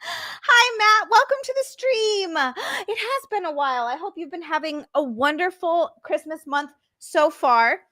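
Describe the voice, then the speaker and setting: A young adult woman hosting a live stream, chatting casually and bubbly, greeting viewers and squealing with excitement. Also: extremely high pitch, a little slow. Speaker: streamer and podcast host.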